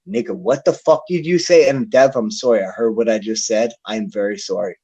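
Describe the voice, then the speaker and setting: A man's voice: mid-range voice, brisk, few pauses, a little mellow, husky. A man hosting a casual chat show, ranting in a heated, profane, repetitive way. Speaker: podcast host. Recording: dull lo-fi sound.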